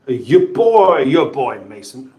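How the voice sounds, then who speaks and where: A man's voice: mid-range voice, very animated, slow, darkish tone. A British man hosting a casual livestream, chatting and joking as he reads out viewer messages. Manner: chatty, jokey, playful voices for chat names. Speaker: livestream host reading chat. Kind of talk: casual live chat. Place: home kitchen. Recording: roomy echo.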